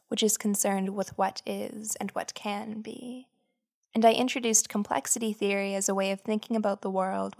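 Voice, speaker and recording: A woman hosts a podcast with scripted, measured narration, explaining ideas and telling a story. Her voice is mid-range and creaky.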